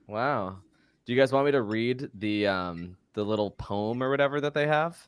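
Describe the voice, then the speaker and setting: A man's voice: mid-range voice, moderate pace, smooth, no room sound. A man co-hosting a casual podcast chat, rambling and laughing, often tripping over his words. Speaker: podcast co-host.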